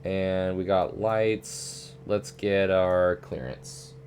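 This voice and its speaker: Young man, low voice, casual stream chat, headset mic, slight background hum. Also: drawn-out words. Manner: relaxed, swears, says "dude" often. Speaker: flight sim streamer.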